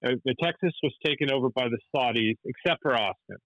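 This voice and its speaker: A man telling stories as an interview guest, rambling with frequent restarts and fillers. His voice sits at a middling pitch and sounds dull and lo-fi. The recording is dry, with no room sound. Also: quick pace, a bit bright, dry recording. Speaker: animator and musician guest. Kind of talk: storytelling interview.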